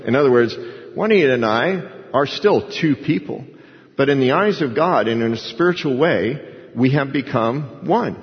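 A man's voice: mid-range voice, animated, moderate pace. A male pastor delivers an expository sermon in a plain, conversational voice, stopping and restarting as he leans on key words. His voice rings with the long reverb of a large hall. The recording sounds dull and lo-fi. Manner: conversational, folksy preaching with restarts and emphasis.

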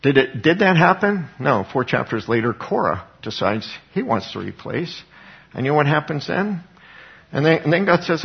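Guy preaching a sermon, kinda husky, chatty and asking the crowd stuff, muffled lo-fi sound. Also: fairly high pitch, sing-song, normal speed. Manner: conversational preaching with questions to the congregation. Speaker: pastor. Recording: dull lo-fi recording.

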